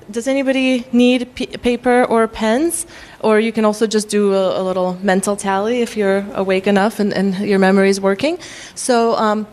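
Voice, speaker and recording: A woman with a faint Russian accent presents a workshop to faculty, explaining at a measured pace with frequent ums. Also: mid-range voice, a little mellow. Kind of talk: lecture to faculty.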